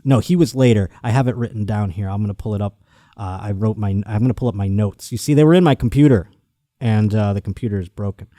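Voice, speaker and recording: A man hosting a podcast, telling a story in a casual, animated and profane comic monologue. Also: medium pitch, no room sound, studio quality. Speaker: podcast host.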